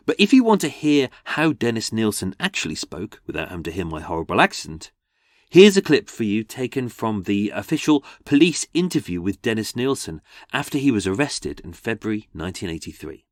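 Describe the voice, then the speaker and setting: A man's voice: fairly low pitch, a little fast, no echo, clean studio sound. An English man hosting a true-crime podcast in a chatty, wry way. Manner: chatty, animated, wry asides. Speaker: podcast host.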